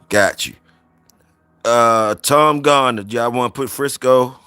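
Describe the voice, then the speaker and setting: A man's voice: on the low side, measured pace, fairly bright tone. A man hosting a casual livestream, reading out viewer comments and saluting people in a loose, repetitive drawl.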